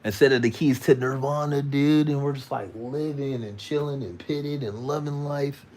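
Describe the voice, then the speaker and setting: A man's voice: mid-range voice, moderate pace, darkish tone, a little hiss or hum. A man hosting a live stream, telling a rambling story in slangy casual talk, sounding tired. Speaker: livestream host.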